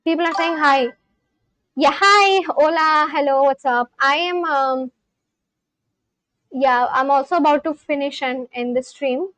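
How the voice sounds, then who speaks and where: A woman's voice: high voice, a little slow, a bit bright, dry recording, low-quality recording. A young Indian woman with an Indian English accent, a native Marathi speaker, chatting casually on a livestream and answering her chat with lots of ums and likes. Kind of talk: casual live-stream chat.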